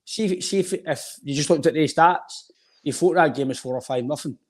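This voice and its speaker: A man's voice: fairly high pitch, normal speed. A Scottish man co-hosting a football podcast, rambling conversationally with a sore throat. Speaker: podcast co-host. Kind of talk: casual football chat.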